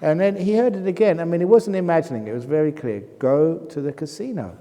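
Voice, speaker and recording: Man from England, Buddhist monk, Q&A talk, humorous stories, mellow voice, long hall reverb. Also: a little high, sing-song, very fast. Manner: humorous anecdotal storytelling. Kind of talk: Q&A talk at a retreat. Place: meditation hall.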